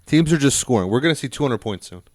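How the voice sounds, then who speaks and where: A man co-hosting a sports podcast, opinionated and jokey, quick to argue a point. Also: medium pitch, lively intonation. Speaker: podcast co-host. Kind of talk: casual sports chat.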